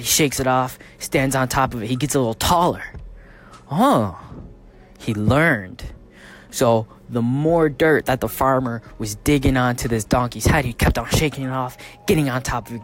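A man founder of a fitness training company, telling a motivational story casually and tagging sentences with "right?". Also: medium pitch. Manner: casual, punctuates sentences with "right?", laughs often.

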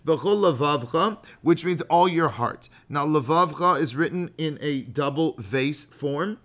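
Fairly high in pitch and a bit bright, this middle-aged man's voice keeps a measured pace. He's a rabbi hosting a podcast, delivering an animated sermon full of chatty jokes and digressions, now and then chanting lines of Hebrew prayer.

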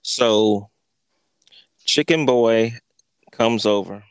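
Crude, animated man telling a story. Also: on the low side, very slow, smooth, dry recording. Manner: crude, animated, full of profanity and insults. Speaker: podcast host. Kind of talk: comic storytelling.

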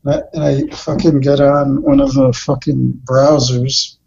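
Gravelly, swearing podcast guy. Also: medium pitch, flat delivery, unhurried, a little mellow. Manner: rambling, heavy swearing, lots of fillers. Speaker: podcast co-host. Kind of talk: casual chat. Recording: dull lo-fi sound.

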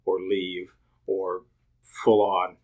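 A man's voice: sits low, completely flat delivery, extremely slow, darkish tone, rough recording. A man who works as a paramedic, chatting casually as a podcast co-host.

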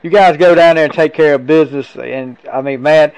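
A man's voice: a little high, fairly quick, a crowd in the background, low-quality recording. A man hosting a sports talk interview, enthusiastic and affirming toward his guest. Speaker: sports talk show host.

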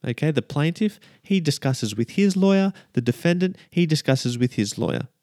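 A man preaching a lively, emphatic sermon as a minister, often checking in with the listeners. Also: on the high side, normal speed, dry recording, studio quality.

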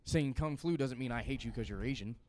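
A man's voice: medium pitch, brisk, a little mellow. A man from Louisiana, hosting a casual podcast, opinionated and rambling.

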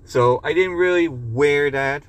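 A man's voice: a little high, slow pace, fairly bright tone. A man hosting a podcast in casual chat, rambling loosely, swearing and reading a joke aloud. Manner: rambling, loose, swears and laughs at own jokes. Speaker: podcast host.

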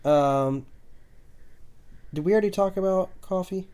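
A man's voice: high-pitched, measured pace, clean tone. A man hosting a podcast at home, chatting casually with lots of fillers and trailing "so"s. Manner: relaxed, rambling with many fillers. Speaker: podcast host. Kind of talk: casual chat. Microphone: new budget desk microphone.

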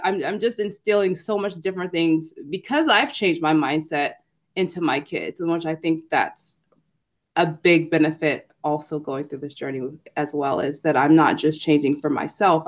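A woman's voice: low-pitched, moderate pace, lo-fi sound. A young mother guest speaking in an earnest, reflective way on a podcast. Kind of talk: casual interview chat.

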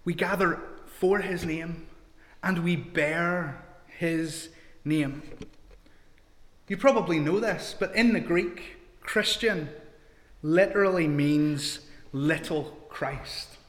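A man's voice: sits high, takes it slowly, long pauses, a bit bright, echoey room, big-room sound. A man preaching a sermon to his congregation in a church, talking in a conversational way and asking them questions.

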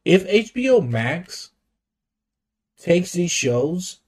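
A man's voice: high-pitched, sing-song, very slow, a little mellow. Enthusiastic slangy male podcast co-host. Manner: enthusiastic, slangy, repeats words. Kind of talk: casual chat.

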